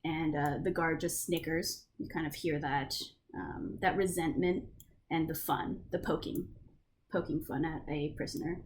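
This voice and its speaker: A woman's voice: sits low, fairly even intonation, a little slow, a little mellow. A woman narrating a tabletop game as game master in a casual, loose way, with lots of fillers.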